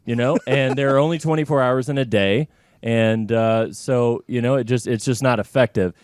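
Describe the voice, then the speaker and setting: A man who owns a business, answering interview questions in a measured, reflective way. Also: mid-range voice, fairly even intonation, darkish tone, clear, resonant tone, no room sound, clean studio sound. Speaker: guest business owner.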